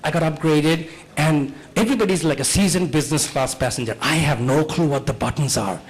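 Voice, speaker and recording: A man from Bangladesh doing a stand-up comedy set on a club stage, jumping into quick character voices. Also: on the high side, rough recording.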